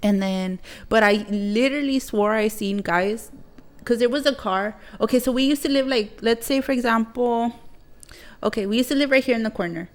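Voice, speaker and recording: A woman's voice: fairly high pitch, moderate pace. A young woman co-hosting a podcast, telling a story in casual chat, swearing freely and acting out what people said. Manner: swears a lot, acts out quotes loudly. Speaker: podcast co-host.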